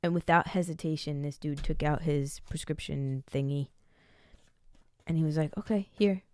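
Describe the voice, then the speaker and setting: A woman's voice: sits low, steady tone, normal speed, darkish tone, clear, resonant tone, dry recording. A woman in her late twenties telling a personal story in a frank, rambling way, swearing freely. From United States. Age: late 20s. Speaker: vlogger. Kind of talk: candid casual storytelling.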